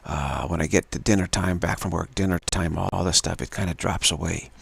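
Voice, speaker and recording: A man giving a slow, halting spiritual talk with many fillers and repeated words, recorded live. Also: low-pitched, gravelly, slightly rough, no echo. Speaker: spiritual teacher.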